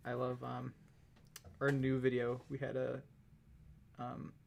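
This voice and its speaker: A man's voice: medium pitch, monotone, takes it slowly, gravelly, darkish tone, slight background noise. A man from the American Midwest, co-hosting a painting livestream in a casual chat, laughing often and joking. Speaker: co-host of a painting stream.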